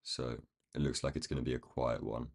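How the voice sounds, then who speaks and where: A man with a croaky, rough-sounding voice, thinking aloud in casual commentary as he marks up trading charts on a live stream. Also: a bass voice, flat delivery, fairly quick. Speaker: day trading livestream host.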